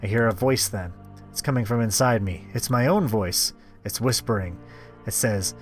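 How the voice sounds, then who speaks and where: A man reading a visual novel aloud as a streamer, with quick asides of his own. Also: on the low side, faint music behind. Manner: expressive, quick asides between read text. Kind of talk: reading a game aloud with commentary.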